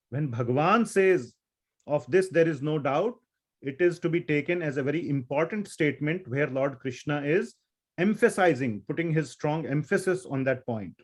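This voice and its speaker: A man's voice: on the high side, normal speed. A man giving a scripture lecture, reciting Sanskrit verses and asking his students questions. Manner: explanatory, asks students questions. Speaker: Gita teacher.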